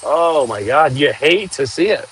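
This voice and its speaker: A man hosting a casual outdoor livestream, chatting and joking with viewers while clearing trees with a machine. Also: on the high side, animated, unhurried, fairly bright tone, a little hiss or hum, rough recording. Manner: chatty, jokey, talks to viewers while working. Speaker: livestream host.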